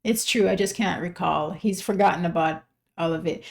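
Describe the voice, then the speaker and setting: Woman with gravelly vocal fry. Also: on the low side, moderate pace. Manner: chatty, musing, full of "like" and "you know". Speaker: reaction video host. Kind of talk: casual reaction commentary.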